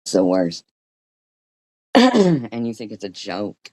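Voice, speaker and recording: Low, slow, profane woman ranting. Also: darkish tone, no room sound. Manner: profane, scolding rant with frequent throat clearing. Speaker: streamer reacting to a clip. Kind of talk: angry reaction commentary.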